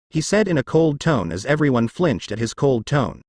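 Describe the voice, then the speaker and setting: A man reads a fan-written story aloud, carrying narration and every character's lines in his own voice. His pitch moves a lot as he goes, and the sound is dry and close with no room around it. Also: sing-song, moderate pace, darkish tone, no echo. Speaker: fanfiction reader.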